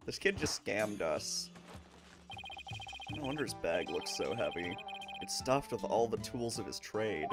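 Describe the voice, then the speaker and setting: A man's voice: on the low side, animated, a little slow, pauses often. A man giving sarcastic let's play commentary, groaning at puns and cursing now and then. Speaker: streamer. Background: game music.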